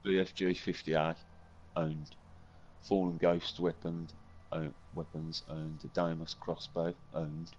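Deep-voiced guy, short dry remarks over a game, kinda muffled lo-fi audio. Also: flat delivery, slow pace, darkish tone. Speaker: gaming friend. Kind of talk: casual gaming chat.

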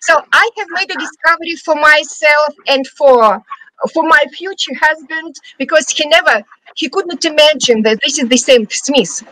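Here a Russian-accented guest from Siberia, a middle-aged woman, talks openly about her life in a relaxed storytelling interview recorded in a studio. Her high voice has a sharp tone and normal speed, she frequently starts sentences over and gives light laughs, and the audio is poor with no room sound.

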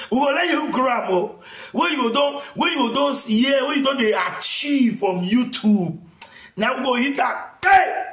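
Nigerian male preacher, taunting rant with shouted outbursts, high animated pitch. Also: a little slow. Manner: taunting, mocking, bursts of shouting. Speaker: online preacher. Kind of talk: mocking rant to camera. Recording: echoey room.

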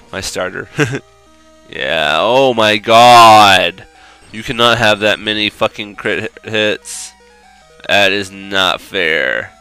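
A young man provides gameplay commentary for a let's play, swearing and groaning whenever the game turns on him. His voice is fairly low, with a sharp yet clean tone.

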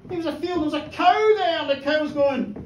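Live male folk storyteller, expressive and theatrical, mic some distance away in a reverberant pub. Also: very high voice, brisk, very noisy. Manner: dramatic and animated, with sound effects and screams. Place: pub stage with an audience. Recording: roomy live bar from far off.

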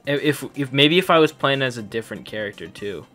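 A man's voice: mid-range voice, lively intonation, brisk, sharp tone, faint music behind. A man co-hosting a comedy gaming show, commenting on the game in a hesitant, stammering way. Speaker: co-host.

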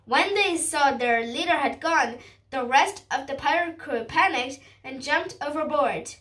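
Brief: female storybook reader, slow careful halting read, bright voice, recorded from a distance. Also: sits high, lively intonation. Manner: careful, halting reading with restarts. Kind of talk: reading a storybook aloud.

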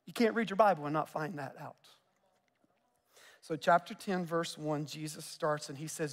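A man in his forties with a Southern US accent, preaching a conversational sermon with quick joking asides. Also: high voice. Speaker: pastor. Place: church sanctuary. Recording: long reverb of a church hall.

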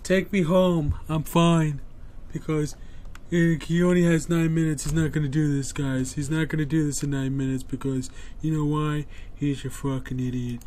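A man giving profane live commentary on his own gameplay, excitable and muttering to himself between bursts. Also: a little high, moderate pace, a little hiss or hum. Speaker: gameplay streamer.

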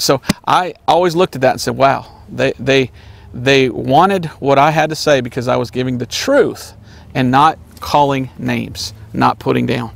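A man preaching an earnest sermon, repeating his points and sometimes mocking name-callers in a high voice. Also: gravelly. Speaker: evangelist preacher.

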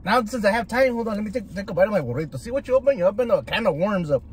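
Animated man ranting in a car. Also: sits high, racing, breathy edge. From Southern California. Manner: animated, slangy, switches into Spanish. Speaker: food vlogger host. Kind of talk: profane ranting chat while eating. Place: inside a parked car.

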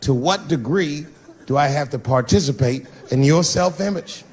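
A man's voice: on the high side, normal speed, a little mellow, slight background noise. A man telling a profane stand-up comedy story, acting out the voices of the people in it. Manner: profane, storytelling, acts out dialogue. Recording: live show with audience laughter. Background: audience laughter.

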